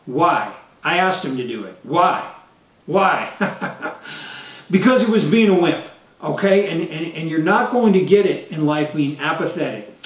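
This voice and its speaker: A man's voice: fairly high pitch, lively intonation, measured pace, roomy sound, far from the mic. A man giving a motivational lesson in a punchy, emphatic way, repeating each key phrase for his listeners to write down. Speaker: self-defense and mindset instructor. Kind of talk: motivational teaching monologue.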